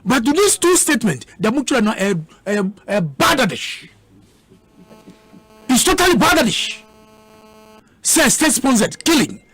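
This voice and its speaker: A man's voice: very high-pitched, very animated, normal speed, hardly any pauses, fairly bright tone, husky. A man with a Ghanaian accent, arguing heatedly as a guest in a radio debate, combative and repeating words for emphasis.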